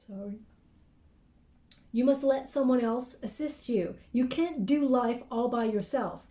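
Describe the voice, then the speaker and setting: A woman's voice: on the high side, measured pace, warm tone, reverberant. A woman giving a casual tarot reading, rambling and apologetic, with lots of fillers and restarts, yawning and sleepy. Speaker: tarot card reader.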